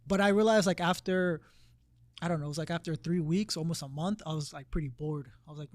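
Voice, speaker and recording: A man co-hosting a casual podcast, talking in a rambling, halting way with many restarts. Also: fairly high pitch, no echo, studio quality. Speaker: podcast co-host. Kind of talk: casual conversation.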